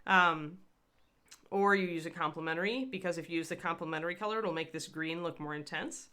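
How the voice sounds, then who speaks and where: With a lowish voice and a sharp tone, this woman talks fairly quickly. She is a miniature painter on a livestream, giving a casual painting demonstration and rambling chattily as she replies to the live chat.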